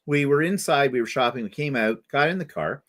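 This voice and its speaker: At medium pitch and a brisk clip, a middle-aged man from Canada spins stories for his livestream chat. He animates each tale by performing the voices of the people he quotes.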